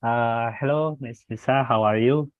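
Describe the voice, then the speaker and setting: A man asks for advice in an online webinar, speaking in a polite, halting way. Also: medium pitch, no room sound. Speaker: audience questioner. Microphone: video call. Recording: tinny, dry phone-like line.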